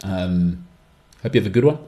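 A man with an English accent hosting his own podcast alone, giving strong opinions and often leaping into high-pitched mocking outbursts. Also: lively intonation, normal speed, mellow. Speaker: podcast host. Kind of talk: solo podcast monologue.

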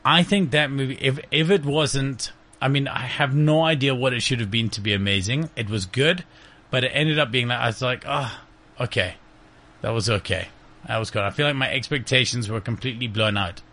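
A man with a medium-pitched voice talks a little fast as a podcast guest in a casual storytelling chat. He tells lively anecdotes, laughing often and swearing now and then.

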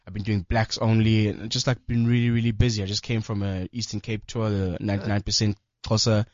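A young comedian in a radio studio, talking in a loose, rambling way full of slang. His voice sits on the low side, and the recording is dry and a bit dull. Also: a little fast, dry recording. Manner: relaxed, rambling, with fillers and slang. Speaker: stand-up comedian guest. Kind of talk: casual radio chat. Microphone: studio microphone.

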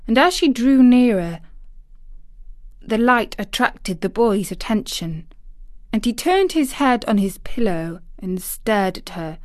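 Slow, measured woman narrating. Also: on the high side, dry recording, studio quality. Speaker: audiobook narrator. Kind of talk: scripted narration.

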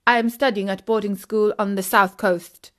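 A woman's voice: mid-range voice, fairly even intonation, moderate pace, natural voice. A woman voicing a bold schoolgirl posing as a Russian heiress, in a fake Russian accent. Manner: bold, theatrical.

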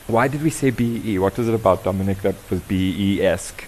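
Lively South African man quizzing audience. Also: fairly low pitch, brisk, a little hiss or hum, low-quality recording. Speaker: workshop facilitator. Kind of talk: interactive talk to an audience.

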